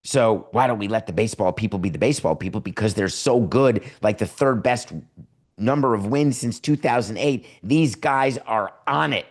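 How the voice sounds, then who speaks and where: A man's voice: fairly low pitch, normal speed. A man hosting a podcast from his home studio and giving sarcastic, riffing sports commentary. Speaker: podcast host.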